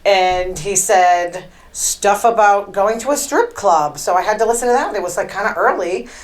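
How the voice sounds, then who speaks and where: A woman's voice: medium pitch, moderate pace, poor audio. A woman hosting her own show, telling rambling stories about her week in a chatty, casual way with lots of fillers. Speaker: podcast host. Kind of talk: casual monologue.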